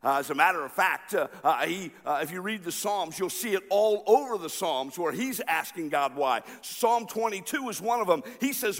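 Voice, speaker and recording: A male pastor preaching a sermon, swinging between loud passionate cries and quiet, slow asides. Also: high voice, lively intonation, soft background music. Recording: long reverb of a large hall.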